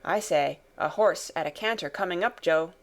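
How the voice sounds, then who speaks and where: A woman's voice: fairly low pitch, moderate pace, natural voice. A woman voicing an impatient male stagecoach driver who urges on his horses with clipped exclamations. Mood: warning.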